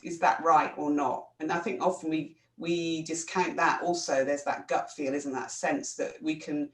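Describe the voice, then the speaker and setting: A woman's voice: low voice, fairly even intonation, normal speed, distant mic. A woman co-hosting a casual chat, speaking thoughtfully and restarting her phrases. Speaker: co-host. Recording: echoey room, away from the mic.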